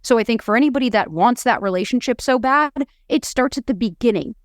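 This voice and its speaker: A woman's voice: on the high side, animated, fast. A young woman on a podcast, a dating coach telling her own story in candid, casual talk that is peppered with swearing.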